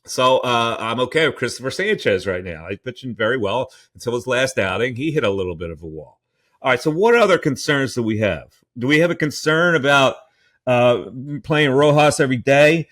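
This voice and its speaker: A man's voice: medium pitch, a bit bright. A man hosting a sports talk podcast, rambling and opinionated, with frequent restarts.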